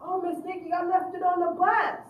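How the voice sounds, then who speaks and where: A woman voicing a fibbing teenage boy who pleads loudly and wheedles, heard from a distance in an echoey room. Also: extremely high pitch, flat delivery, fairly quick, narrow, tinny audio, slight background noise, voice pushed up. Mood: pleading.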